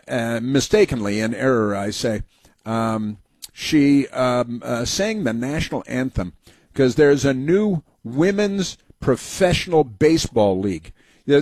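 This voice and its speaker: Male talk host, mid-pitched, close dry studio mic, rambling and sarcastic. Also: darkish tone, no echo. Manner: rambling, sarcastic, many fillers and restarts. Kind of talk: opinionated talk show monologue.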